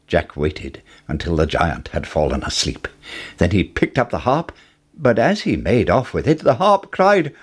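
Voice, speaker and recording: Male storyteller, storybook read-aloud, slow, low voice, husky, lively pitch. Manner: expressive, rising with the action.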